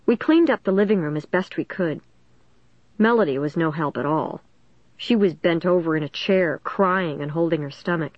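A woman narrating a first-person suspense story in a steady, dramatic storytelling manner. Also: low-pitched, normal speed, no echo, muffled recording. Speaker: audiobook narrator.

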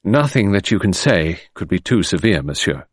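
An earnest young English gentleman, played by a male audiobook reader, owns up meekly and apologetically. His voice moves up and down freely. The reading is close and dry. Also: deep voice, big pitch swings, moderate pace, slightly rough, no room sound, heavily acted. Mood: apologetic.

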